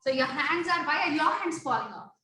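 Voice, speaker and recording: This high-pitched woman sounds brisk and sharp, her intonation lively as she teaches kids dance online by video call. She chants sung syllables for the beat and gives short instructions to students by name, heard from a distance in a very echoey room.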